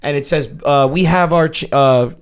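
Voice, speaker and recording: Animated, swearing New man storyteller. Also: on the high side, moderate pace, clean tone. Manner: animated, swearing, acts out quotes with shouts and laughter. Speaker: podcast co-host. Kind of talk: casual storytelling chat.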